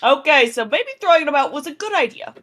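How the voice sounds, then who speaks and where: Expressive woman streamer, lively pitch. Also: brisk. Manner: expressive, swears often. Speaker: streamer and host. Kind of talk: casual gameplay chat.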